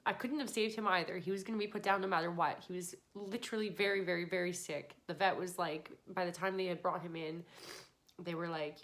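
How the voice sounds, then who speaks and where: A woman's voice: on the low side, brisk, a bit bright. A woman hosting a podcast, tearful and earnest, giving a pleading motivational monologue. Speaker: podcast host.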